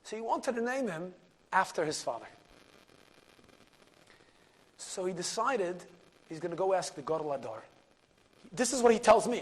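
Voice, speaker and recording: A man, a rabbi, telling a story in a class, animated, dropping to a hush at key moments and mixing in Yiddish and Hebrew words. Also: fairly high pitch, breathy edge. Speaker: rabbi and lecturer.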